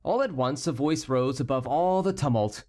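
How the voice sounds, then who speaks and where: A man's voice: expressive, moderate pace, a little mellow. Man reading a historical novel aloud. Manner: reads every character himself, lifting his pitch for the courtiers. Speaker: audiobook narrator. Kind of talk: scripted narration.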